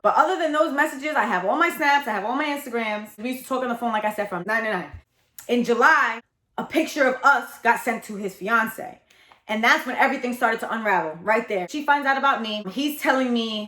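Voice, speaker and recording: A woman in her thirties telling a candid storytime confession, animated, dramatic and blunt, with lots of profanity. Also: a little high, reverberant. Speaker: storytelling vlogger.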